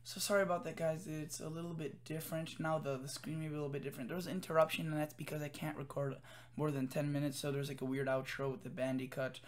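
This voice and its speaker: Man, fairly high voice, tired, casual weather forecast, rambling, fillers and self-corrections. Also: level tone, quick pace. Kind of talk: casual forecast commentary over screen.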